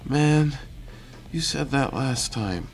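A man's voice: mid-range voice, animated, takes it slowly, vocal fry, faint music behind, pitched above the performer's own voice. A man voicing a young male vampire held prisoner, snapping back defiantly.

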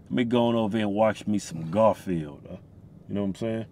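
A man's voice: fairly low pitch, fairly quick, warm tone. A man co-hosting, joking playfully and laughing easily while sitting in a car at a drive-thru. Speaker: co-host. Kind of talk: casual joking banter. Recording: car interior with road noise.

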